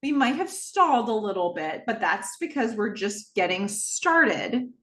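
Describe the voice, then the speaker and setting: A woman hosting a podcast, casually recapping a TV episode and acting out the characters' lines with quick laughs. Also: mid-range voice, sing-song, fairly bright tone. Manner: chatty, laughs often, jumps into character voices. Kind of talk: casual recap with acted-out quotes. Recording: echoey room.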